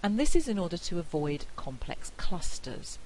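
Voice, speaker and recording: A woman giving a recorded phonetics lecture, explaining carefully and repeating example words slowly. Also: on the low side, very animated, warm tone, slight background noise, poor audio.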